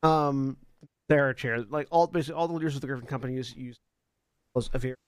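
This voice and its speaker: A man runs a tabletop game as dungeon master, narrating in a loose, halting way full of fillers. His voice sits in a middle register and is recorded close and dry, with no room sound. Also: mid-range voice, clear, resonant tone, dry recording. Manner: casual, halting with many fillers.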